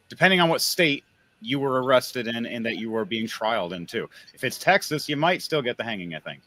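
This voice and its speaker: A man's voice: medium pitch, lively intonation, fairly quick, pushed and bright. A man hosting a podcast, talking in a blunt, crude and rambling way in casual opinionated chat. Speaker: podcast host.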